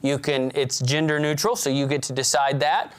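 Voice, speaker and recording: A man's voice: normal speed, clear, resonant tone. Guy giving a pep talk to students, acts out stories, voice jumps way up and down. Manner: animated storyteller who swings his pitch widely and acts out scenes. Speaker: speaker at a student leadership event.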